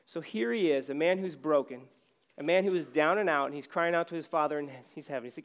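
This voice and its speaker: A man preaching a casual, conversational sermon on stage while his voice is going hoarse. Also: on the high side, quick pace. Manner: casual, self-deprecating, conversational preaching with many fillers. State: losing his voice. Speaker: pastor.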